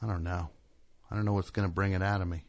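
A man from New Jersey hosting a comic call-in radio show, telling rambling stories with deadpan sarcasm. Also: low-pitched, fast, dull audio.

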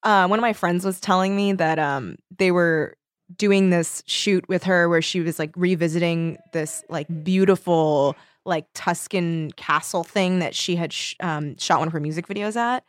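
A woman chatting casually with friends, animated and giggly, swearing freely and saying "like" a lot. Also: lowish voice, moderate pace, dry recording, clean studio sound. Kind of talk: casual chat, reading book passages aloud.

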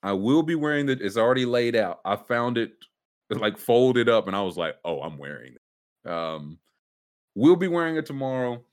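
Man, podcast co-host, lively swooping pitch, casual sports banter, jokey. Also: normal speed, clear, resonant tone. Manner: animated, jumps into mocking voices for bits.

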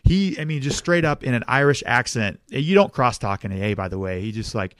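A man's voice: mid-range voice, expressive, a little fast, a bit bright, no echo. Upbeat male podcast host, dry close sound. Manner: upbeat, often addresses the guest by name. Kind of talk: casual interview chat.

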